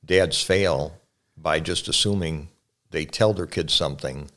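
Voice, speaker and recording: A man's voice: extremely low pitch, measured pace, bright, forceful tone. An older man, a pastor, talking casually with his son and reminiscing about growing up with his family. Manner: reminiscing, earnest. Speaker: pastor and guest.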